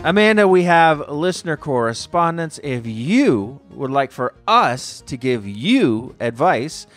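A man in his thirties co-hosting a casual podcast, rambling and reflective and quick to laugh. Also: mid-range voice. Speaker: podcast co-host. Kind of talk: casual chat.

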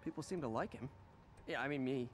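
An actor playing a young masked superhero who talks in dry, level-headed quips, from a video game. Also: male voice, medium pitch, a little fast, a little hiss or hum, natural voice. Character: young male masked superhero, wry and steady. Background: game music.

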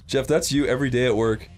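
A man co-hosting a let's play, telling crude stories in casual gaming chat and laughing often. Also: medium pitch. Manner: crude, laughing, animated storyteller.

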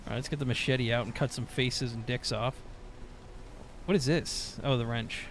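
A man's voice: medium pitch, fairly even intonation, moderate pace, a little hiss or hum. A man streaming gameplay, talking loosely and profanely with jokes. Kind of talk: casual live gameplay commentary.

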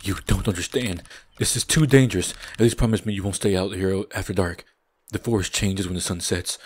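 A stern older man in a game presses his warnings in a low, forceful voice, read out by a man. He is insistent and grave. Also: steady tone, a little fast, slight background noise, natural voice. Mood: urgent.

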